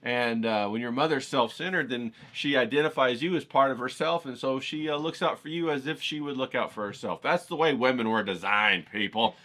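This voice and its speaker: A man's voice: mid-range voice, a little fast, hardly any pauses, pushed and bright. A man hosting an art livestream, talking in a rambling, folksy, digressive way. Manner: digressive, folksy, says "you know what I'm saying". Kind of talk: rambling casual monologue.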